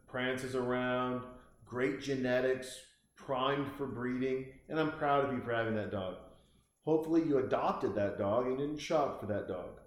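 A man hosting a casual comic monologue, rambling and swearing with frequent restarts. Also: medium pitch. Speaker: host. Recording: very echoey room.

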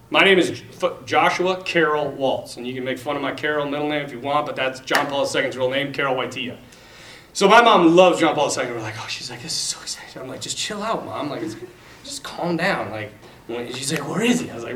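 A young man teaching a class in a lively, animated way, talking to his students as "man" and "you guys.". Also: high-pitched. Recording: echoey room, mic from a distance.

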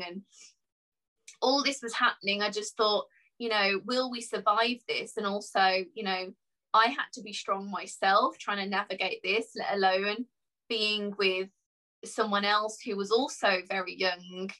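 A young woman with a bright, sharp-edged voice speaks openly and from the heart. She rambles a little with fillers as she shares personal memories, her feeling close to the surface. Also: medium pitch, fairly even intonation, a little slow, poor audio. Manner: candid, tearful at times, many fillers. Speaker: guest. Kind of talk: emotional personal conversation.

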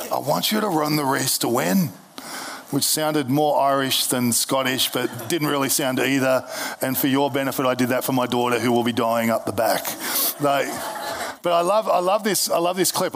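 A man's voice: medium pitch, a bit bright, a little hiss or hum. A man preaching a casual, jokey sermon at a church service, often restarting his sentences. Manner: conversational, jokey, with many restarts. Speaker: pastor.

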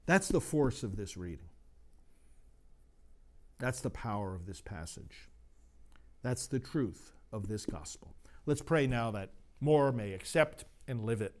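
Impassioned preacher with lively pitch. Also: male voice, a little slow, long pauses. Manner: impassioned, rising to emphatic outbursts. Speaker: priest. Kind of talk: sermon.

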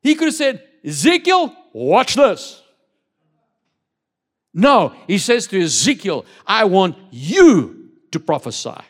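A man's voice: sits high, wildly swooping pitch. A man preaching a sermon in church, reading scripture aloud and urging the congregation to answer him. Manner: preaching with call-and-response, dramatic slow emphasis. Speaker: pastor.

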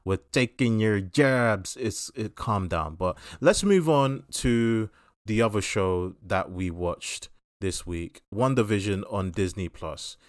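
A British man with a fairly low voice argues his case firmly, pressing his opinions with conviction. The recording is dry and close. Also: lively intonation, slow pace, no echo. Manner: firm, opinionated arguing. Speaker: podcast co-host. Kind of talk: casual film discussion.

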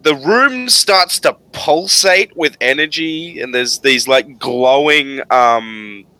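A man running a tabletop game as game master, describing scenes in a halting way with many fillers. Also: a little high, sharp tone, no echo.

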